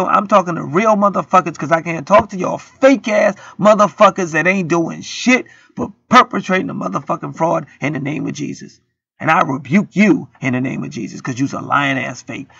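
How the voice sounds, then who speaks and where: Heated, profane preacher man with a gravelly edge. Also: high-pitched, pushed and bright, no room sound, lo-fi sound. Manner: profane, heated, rants and acts out quotes. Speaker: internet preacher. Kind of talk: street-style preaching monologue.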